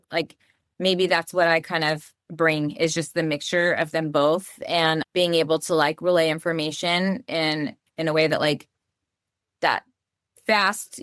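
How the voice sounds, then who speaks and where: A woman talks as a podcast guest, chatty and loose, dropping "like" into nearly every phrase. Her voice sits a little low for a woman. The recording is dry and close. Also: a bit bright, no room sound. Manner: chatty, full of "like" fillers. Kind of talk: casual interview chat.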